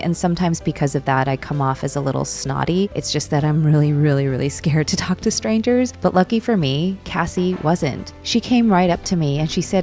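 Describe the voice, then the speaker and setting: A woman narrating her cooking vlog in a gentle, unhurried, conversational voice-over. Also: sits low. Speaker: cooking vlogger.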